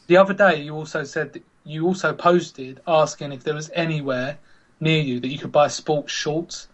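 A man's voice: fairly high pitch, steady tone, normal speed, highs cut off. A man hosting a casual podcast chat, teasing his co-hosts and setting up scenarios. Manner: teasing, chatty, sets up scenarios. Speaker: podcast host.

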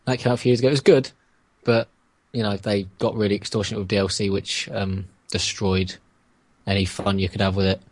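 A man's voice: fairly low pitch, level tone, fairly quick. Hesitant man on a podcast. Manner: hesitant, many ums. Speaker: podcast co-host. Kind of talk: casual chat.

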